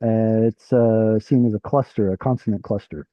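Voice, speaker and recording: A man's voice: on the low side, fairly even intonation, moderate pace, no room sound, dull audio. A man teaching an online Hebrew class, explaining while thinking aloud and asking his students questions. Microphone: video call.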